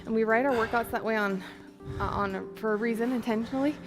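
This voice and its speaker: A woman's voice: on the high side, fast, music in the background, rough recording. A woman co-leading a home workout, upbeat and chatty, counting down the seconds. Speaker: fitness instructor. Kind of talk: workout coaching and explanation.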